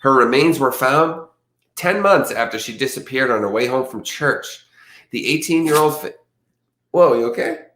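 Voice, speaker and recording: A man's voice: medium pitch, lively intonation, normal speed, fairly bright tone, slight background noise. A man hosting a casual livestream, chatting loosely and reading news stories aloud. His voice sits in an ordinary middle range, and he rambles and trips over difficult words. The sound bounces around an echoey room. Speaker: livestream host.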